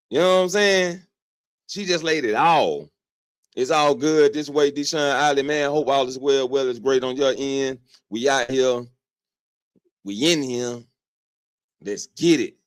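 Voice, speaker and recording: A man's voice: mid-range voice, clear, resonant tone, no echo, clean studio sound. A man hosting a reaction video, giving slangy, mocking commentary on a clip. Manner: slangy, drawn-out, mocking asides.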